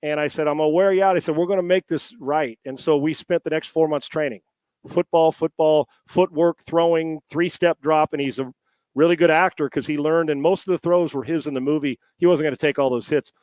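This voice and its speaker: A middle-aged man, a former quarterback, telling a long story as a podcast guest from home on a headset mic. He talks in a lively, rambling way, with many restarts and the odd swear word. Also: fairly high pitch, fairly quick, no room sound. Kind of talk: storytelling in a casual interview.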